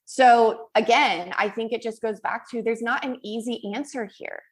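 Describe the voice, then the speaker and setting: A woman's voice: fairly high pitch, steady tone, normal speed, breathy edge. A woman co-hosting a podcast, conversational and thoughtful, weighing both sides of a political argument. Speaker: podcast co-host. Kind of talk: political discussion.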